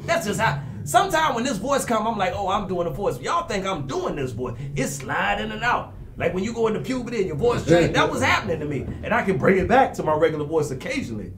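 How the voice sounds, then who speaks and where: An older man with a raspy smoker's voice, a comedian co-hosting a live comedy podcast and acting out the people in his stories. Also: high voice, quick pace, hardly any pauses. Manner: animated storytelling with acted-out quotes. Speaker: comedian co-host. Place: comedy club stage. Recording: echoey club room, audience noise. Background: live audience.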